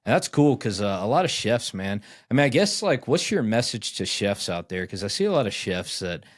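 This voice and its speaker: Podcast host in his thirties; low, dry-miked voice; loose, profane storyteller who acts out conversations. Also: sing-song, fairly quick, no echo. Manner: rambling storyteller, acts out dialogue, swears often. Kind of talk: casual chat.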